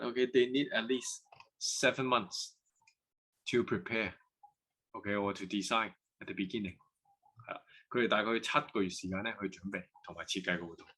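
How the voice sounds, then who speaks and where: A man's voice: on the low side, a bit bright. A man with a Hong Kong accent giving a lecture, moving between English and Cantonese and checking in with students through frequent "OK"s and "can you follow?". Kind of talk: university lecture.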